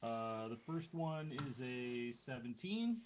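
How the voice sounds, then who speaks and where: A man's voice: medium pitch, lively intonation, slow, crowd noise. A man playing a tabletop game, chatty and self-mocking about his rolls. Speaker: player. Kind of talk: casual chat at a tabletop game.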